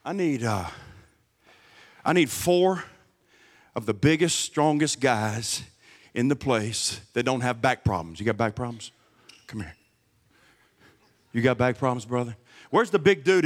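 A man's voice: mid-range voice, long reverb tail. A middle-aged man preaching a sermon, emphatic and repeating key words to the congregation. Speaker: guest pastor. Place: church sanctuary.

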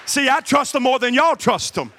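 A man's voice: extremely high pitch, expressive, normal speed, sharp tone, long reverb tail, a faint crowd, slight background noise. A middle-aged man preaching a sermon, emphatic and repeating key words to the congregation. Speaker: guest pastor. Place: church sanctuary.

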